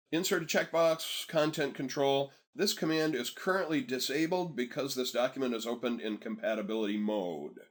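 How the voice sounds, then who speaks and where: A man narrating a screen-recorded software tutorial in a relaxed, chatty way, often telling viewers to pause and catch up. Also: mid-range voice. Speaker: software instructor.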